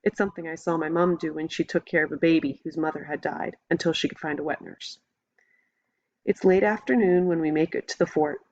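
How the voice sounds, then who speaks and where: A woman narrating a novel in the first person, in a steady, measured reading voice. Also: sits low. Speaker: audiobook narrator. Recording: dull lo-fi recording.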